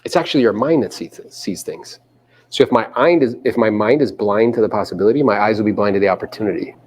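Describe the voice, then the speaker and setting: A man coaching a live audience in a meeting room, animated and casual, sometimes coarse, often acting out other people's voices. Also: lowish voice, fast, slight background noise. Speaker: real estate coach. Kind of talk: live seminar talk to an audience.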